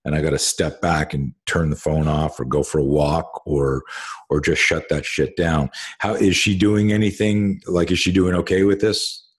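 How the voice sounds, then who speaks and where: Low husky-voiced middle-aged man. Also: steady tone, moderate pace. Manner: rambling storyteller with many fillers and restarts, swears casually. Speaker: host. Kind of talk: casual conversation.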